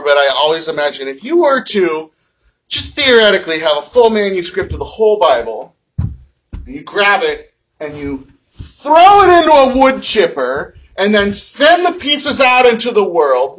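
A man in his thirties preaching a sermon as pastor, telling family stories with animated, acted-out shouting. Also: sits high, poor audio. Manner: animated storytelling, acts out his sons' shouting.

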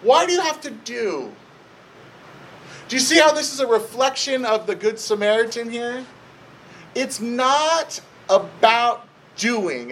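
A male pastor delivers a church sermon in a conversational style, full of lively retellings and frequent restarts. His voice is high-pitched, and the recording quality is low.

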